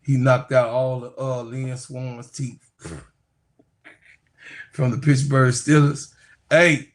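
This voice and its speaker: A man's voice: mid-range voice, flat delivery, takes it slowly. A man casually telling rambling stories to his viewers on a livestream, laughing often and calling them y'all. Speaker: sports YouTuber talking to viewers.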